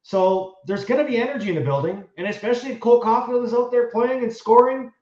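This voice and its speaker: A man's voice: very high-pitched, fast talker, dark tone, roomy sound, highs cut off. A man, a former hockey player, co-hosting a casual sports betting chat with conversational, emphatic bursts.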